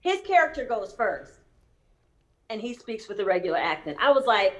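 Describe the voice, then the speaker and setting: A woman's voice: medium pitch, brisk. An actress chatting casually, telling a story and acting out the voices of people she quotes. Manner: animated, acts out quoted voices.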